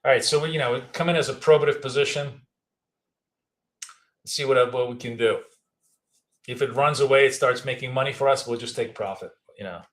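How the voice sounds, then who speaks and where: This Russian-accented trading educator, a native Russian speaker aged fifty or more, rambles casually through live market commentary while thinking aloud. He speaks fairly quickly in a slightly bright mid-range voice, pausing often.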